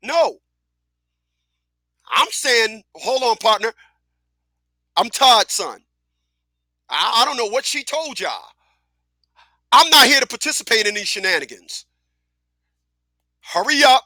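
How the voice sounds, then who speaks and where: A man's voice: very high-pitched, very animated, takes it slowly, pauses often, sharp tone, no echo. A man hosting a radio talk show, speaking bluntly and emphatically with profanity and lots of repetition. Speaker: radio host. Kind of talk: casual talk radio monologue.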